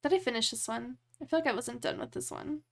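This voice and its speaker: A woman's voice: fairly high pitch, gravelly. A young woman streaming live, chatting casually and joking at her own expense. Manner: joking, self-deprecating, quick laughs.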